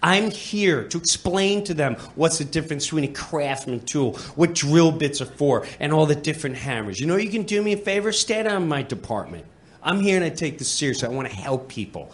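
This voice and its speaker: A comedian voicing a snippy middle-aged hardware clerk who lectures in a stern, clipped way, in a comedy club with the audience laughing. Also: male voice, a little high, sing-song, a little fast. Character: snippy serious forties hardware clerk, uptight. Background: crowd laughing.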